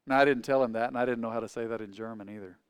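A man preaching a sermon to a church congregation. He talks conversationally, asks the congregation questions, and swings between loud, emphatic points and quiet asides. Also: medium pitch, steady tone, rapid-fire, clear, resonant tone, no echo. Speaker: pastor.

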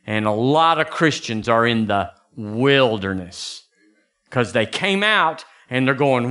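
A man preaching a sermon as pastor, folksy and animated, jumping into high bursts for emphasis. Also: slow.

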